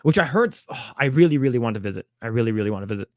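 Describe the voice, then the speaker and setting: A man co-hosting a casual talk show, reading headlines and then commenting on them. His voice sits at a middle pitch, and the sound is close and dry with no room around it. He often stalls on repeated words and fillers such as "uh.". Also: expressive, very fast, a little mellow, dry recording. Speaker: podcast co-host. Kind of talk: casual chat reading news.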